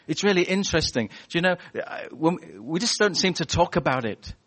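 A man preaching a sermon in a church, animated and chatty, telling stories and acting out voices. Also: fairly high pitch, a little fast. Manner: animated, storytelling with acted-out voices.

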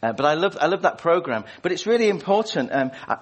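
A man's voice: a little high, big pitch swings, fast talker, husky. Man preaching conversationally. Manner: informal, conversational, asks the congregation questions. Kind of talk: prayer and sermon. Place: church service.

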